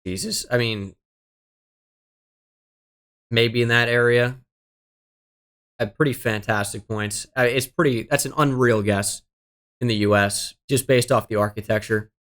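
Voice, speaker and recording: A young man commentating a game as he plays, his pitch sitting in an ordinary middle range. He mutters his guesses half to himself, swears often, and sounds exasperated and self-deprecating about his own mistakes. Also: fairly even intonation, a little slow, pauses often, a bit bright. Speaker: gaming streamer.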